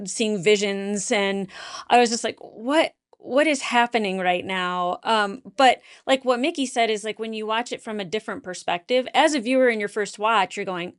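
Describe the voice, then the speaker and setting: Female panel guest, smooth resonant voice, earnest and reflective. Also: medium pitch. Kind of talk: casual panel discussion.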